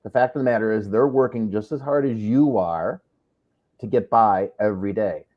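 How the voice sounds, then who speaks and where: In a muffled recording, a man with a lowish voice hosts a live video chat at a moderate pace. He speaks earnestly and motivationally, often checking in with "right?"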